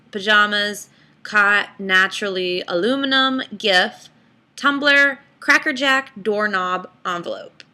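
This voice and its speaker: A woman's voice: a little high, pushed and bright. A young woman from Texas, chatting casually to camera in a self-mocking vlog. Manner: chatty, self-mocking, drawn-out word reading. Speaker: vlogger.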